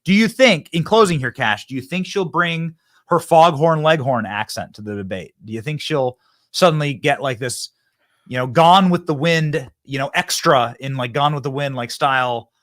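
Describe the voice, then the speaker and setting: Male host, mocking commentary style, animated pitch, slightly high, dry studio sound. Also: normal speed, no echo. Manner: mocking, sarcastic, animated delivery. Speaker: show host. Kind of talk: political commentary show.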